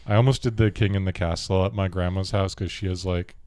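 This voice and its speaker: Male podcast host, deeper voice, loose rambling chatter, dry mic. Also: fairly even intonation, quick pace, mellow, clean tone, no echo. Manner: rambling, many "like"s, laughs easily. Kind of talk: casual chat.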